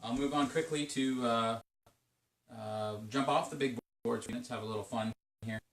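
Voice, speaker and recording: A man's voice: medium pitch, normal speed, fairly bright tone, echoey room, recorded from a distance. A man talking through his league's trade-deadline day in a rambling, casual solo commentary, full of fillers and restarts. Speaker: video game league commentator.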